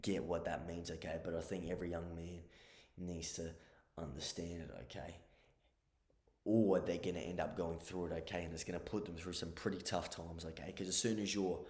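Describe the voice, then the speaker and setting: A man talks through casual advice in a low voice, blunt and sweary, checking in with the listener over and over. The sound has a roomy echo around it. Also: darkish tone. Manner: blunt and profane, keeps checking in with "okay?". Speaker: advice vlogger.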